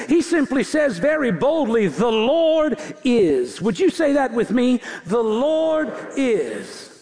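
A man with a very high voice preaches a sermon, building his points through emphatic, rhythmic repetition. His voice rings out in a large hall with a long reverb trailing behind. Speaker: pastor.

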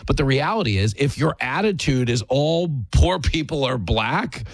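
A man's voice: mid-range voice, lively intonation, moderate pace, no echo. A man hosting a talk radio show, delivering an opinionated monologue in an emphatic, sarcastic way.

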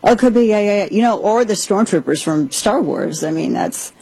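A woman's voice: medium pitch, animated, fairly quick, dark tone, breathy edge, low-quality recording. A woman hosting a talk radio show, chatting casually on air in an incredulous, wisecracking and emphatic way.

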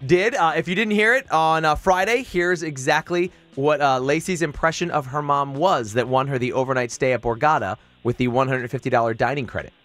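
A man hosting a morning radio show, upbeat and quick to laugh as he chats with callers. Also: fairly high pitch, a bit bright, dry recording. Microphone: studio microphone.

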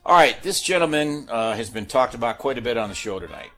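A male sports talk host with a lively, swooping delivery and a mid-range voice. He rambles casually through his clues, full of fillers and restarts, with faint music playing underneath. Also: mid-range voice, fast talker. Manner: animated, chatty, with filler-heavy restarts. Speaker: sports talk host running a guessing game. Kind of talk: casual sports radio chat.

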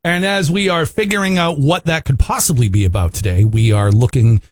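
A man's voice: on the high side, a little fast, no echo, studio quality. A man co-hosting a morning radio show, joking around in casual banter and stumbling over his words now and then.

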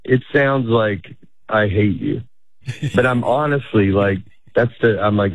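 A man's voice: on the low side, unhurried, no echo. Man, middle-aged comedian, loose rambling chat, thin phone-like sound, very dry. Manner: rambling, self-interrupting, laughs often. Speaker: stand-up comedian guest. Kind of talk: casual interview chat.

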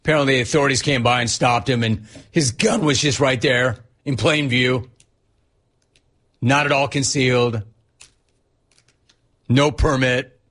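A man hosting a sports talk radio show, sarcastic and animated as he reads out listener messages and riffs on them. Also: medium pitch, measured pace, long pauses.

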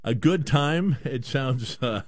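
Animated joking man hosting. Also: mid-range voice, slow pace. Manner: animated, rambling, joking with restarts. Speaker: radio show host. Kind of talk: casual chat.

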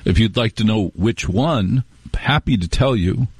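A man's voice: fairly low pitch, lively intonation, a little slow, slightly rough, no room sound. A middle-aged man hosting a talk radio show, telling rambling, wry stories with restarts in a casual monologue.

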